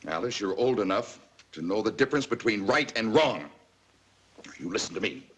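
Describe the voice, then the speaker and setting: A man's voice: lowish voice, lively intonation, moderate pace, husky. An actor playing a stern, worn-out father scolding his daughter in a 1950s TV drama. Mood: angry. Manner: stern, scolding, rising to shouts.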